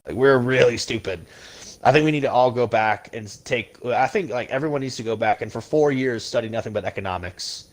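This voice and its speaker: A man's voice: medium pitch, fairly quick, few pauses. A man hosting a podcast, ranting casually and bluntly about politics with plenty of swearing. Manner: blunt, profane, heated. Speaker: podcast host.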